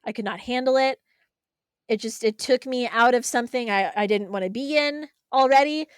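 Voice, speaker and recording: Young woman, podcast co-host, casual chat, sarcastic, clear resonant voice. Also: fairly high pitch, moderate pace, no echo. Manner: blunt, sarcastic, animated storytelling.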